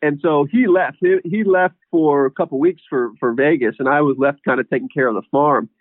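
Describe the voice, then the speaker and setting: A man's voice: on the high side, fairly quick, no room sound. A man being interviewed, telling his story in a rambling, casual way and laughing often. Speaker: guest, horse trainer. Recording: tinny phone-like line.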